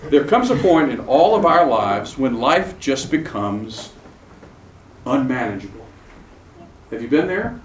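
A man's voice: medium pitch, sing-song, a little slow, long pauses, a little hiss or hum. A middle-aged man preaching a sermon, asking the congregation questions and calling for responses. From Charlotte, North Carolina. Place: chapel. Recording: roomy chapel sound picked up from a distance.

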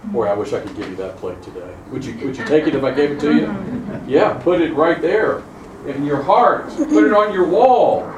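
A man's voice: a little high, expressive, moderate pace, crowd noise. A middle-aged man preaching a sermon, asking the congregation questions and calling for responses. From Charlotte, North Carolina. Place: chapel. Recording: roomy chapel sound picked up from a distance.

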